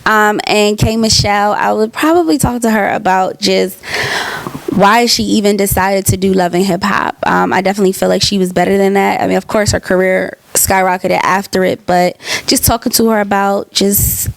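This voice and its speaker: A woman's voice: mid-range voice, steady tone, moderate pace, gravelly. A bubbly young woman answers her own interview questions in a loose, chatty way. She is an aspiring talk show host and fills her speech with "like" and "um". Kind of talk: casual self-interview answers.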